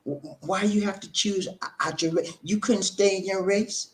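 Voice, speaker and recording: A man's voice: sits high, steady tone, moderate pace, roomy sound, pitched above the performer's own voice, natural voice. A man voicing a disapproving older relative who fires off reproachful questions. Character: disapproving older family elder, lecturing.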